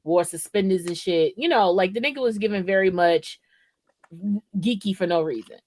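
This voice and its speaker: A woman's voice: medium pitch, moderate pace, a little mellow. A woman co-hosting a podcast in casual, profane chat, rambling and often checking in with "right?". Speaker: podcast co-host.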